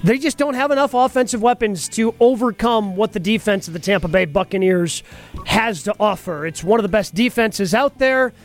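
A man's voice: high-pitched, lively intonation, normal speed, soft background music. A man guesting on sports radio, giving a mock-formal prosecution closing argument. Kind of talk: comedic sports talk.

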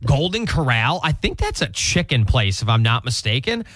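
A young man hosting morning radio, with a bright, fairly high voice. His pitch jumps around a lot as he jokes and promos the show. The dry studio mic sits close. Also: normal speed, no echo. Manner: upbeat, animated, laughs easily. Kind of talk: casual radio banter.

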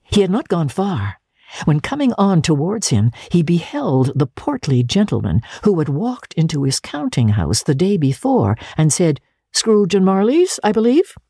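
A woman narrating a classic story as an audiobook, animated and lilting. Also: sits low, normal speed, husky, no echo, clean studio sound. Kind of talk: expressive audiobook reading.

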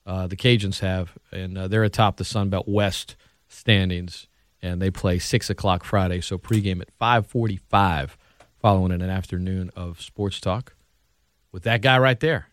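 A man hosting sports talk radio in casual chat, animated and laughing often. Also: low-pitched, moderate pace, no room sound, clean studio sound.

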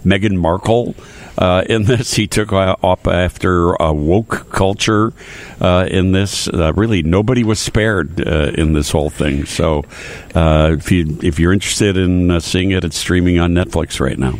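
Male radio host, very low voice, stop-start casual talk. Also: unhurried. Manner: hesitant, many uh fillers and restarts.

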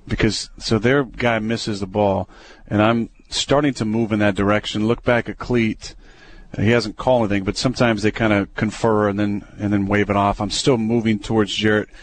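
A young adult man, a quarterback, talking through plays in a relaxed, hesitant way with many fillers and restarts. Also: on the low side. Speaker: football quarterback. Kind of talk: casual radio interview.

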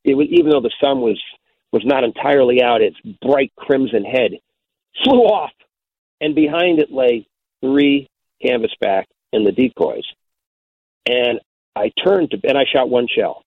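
An older man tells an outdoors story in an easygoing, folksy way, stumbling over and repeating words as he goes. His voice sits at an ordinary pitch. It comes through a narrow, tinny, phone-like band with a completely dry sound. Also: very animated, unhurried, vocal fry, pauses often, slightly rough, no echo. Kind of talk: storytelling on radio.

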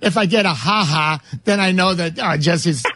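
A man's voice: high-pitched, moderate pace, bright, forceful tone, no echo. A man hosting a sports radio show, joking and rambling in a teasing, loose way. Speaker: radio host.

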